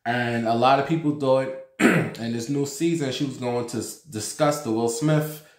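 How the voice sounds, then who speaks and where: Speaking at a moderate pace in a mid-range voice, a New York man chats casually about celebrity gossip on his own vlog. He's sassy, campy, and profane, and the home room he records in is roomy and echoey.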